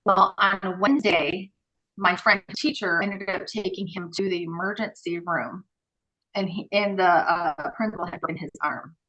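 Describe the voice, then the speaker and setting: Bright-voiced woman telling a story. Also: lowish voice, normal speed, muffled recording. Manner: animated, many fillers, acts out quoted dialogue. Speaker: podcast guest, former group home worker. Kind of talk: casual interview storytelling.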